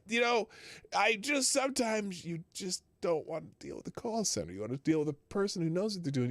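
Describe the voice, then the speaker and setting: A man's voice: on the high side, dry recording. A middle-aged man hosting a live show, telling a long exasperated story in a rambling, casual way. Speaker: livestream show host.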